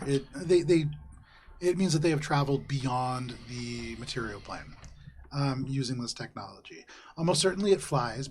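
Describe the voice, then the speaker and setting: A man's voice: medium pitch, a little hiss or hum. Man narrating as game master. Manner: descriptive, unhurried with hesitations. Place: live tabletop session with players around.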